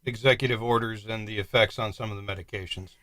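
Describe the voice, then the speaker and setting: A man's voice: fairly low pitch, steady tone, quick pace, bright, forceful tone. A man on a live talk show, blunt and ranting in casual chat.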